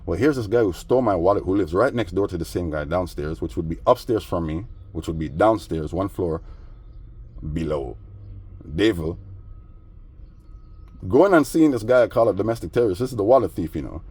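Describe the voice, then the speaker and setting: A man's voice: low-pitched, animated, moderate pace, a little mellow, breathy edge. A man vlogging casually, rambling through a story in slangy talk with constant asides. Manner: rambling, slangy, with frequent "you know what I mean".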